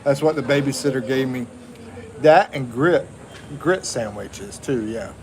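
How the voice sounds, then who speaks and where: A man's voice: medium pitch, measured pace, crowd noise, poor audio. Laid-back Texan man on a home livestream. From USA. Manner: laid-back, chuckling, reads viewer comments. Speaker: livestream host. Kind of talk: casual livestream chat.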